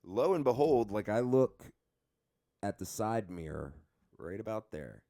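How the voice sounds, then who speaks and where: A young man with a very low voice tells a rambling, profane story from his own life. He laughs at himself along the way. The sound is dry and close, with no room echo. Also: big pitch swings, measured pace, mellow. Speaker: vlogger. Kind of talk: casual storytime.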